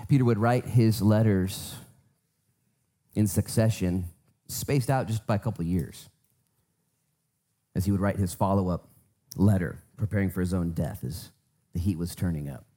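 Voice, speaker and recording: A male pastor preaching and praying, fervent, swinging from hushed words to emphatic bursts. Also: lowish voice. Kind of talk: sermon with prayer.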